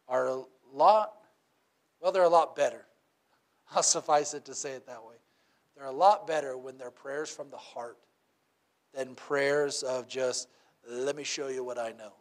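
A man's voice: medium pitch, unhurried, long pauses. A man preaching a sermon in a conversational way, often asking "right?" and acting out little quotes.

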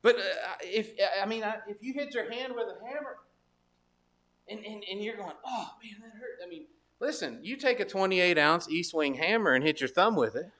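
A man's voice: sits high, animated, normal speed, fairly bright tone. A man preaching a sermon as pastor, in a conversational storytelling manner with asides and restarts.

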